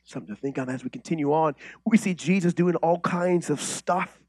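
A man preaches a sermon in a high, husky voice, moving between booming declarations and near-whispered asides. He talks conversationally, tossing out rhetorical questions and restarting his sentences. The sound is dry and close. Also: brisk, dry recording. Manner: animated, swings from loud declarations to quiet intimate asides. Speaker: pastor.

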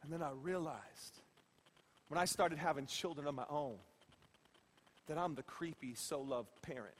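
A middle-aged man preaching a sermon as pastor, playful and emphatic, dropping to a hush and then rising to shouts. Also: a little high, moderate pace, in a large hall, slight background noise. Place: church sanctuary.

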